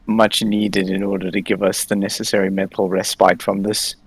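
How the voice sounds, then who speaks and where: A woman putting on a deep male voice as a sardonic commentator who makes dry asides during a live stream. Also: level tone, moderate pace, breathy edge, no room sound. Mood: wry.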